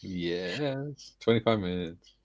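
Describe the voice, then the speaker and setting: A man's voice: deep voice, expressive, slow, no room sound. A man co-hosting a casual livestream, bantering and teasing in a jokey way. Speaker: livestream co-host.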